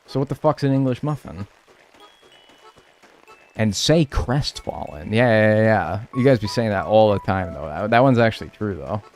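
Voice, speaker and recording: A man's voice: on the low side, animated, normal speed, a little mellow, soft background music. An American man chatting casually on a live stream while playing a game, joking with his chat and swearing freely.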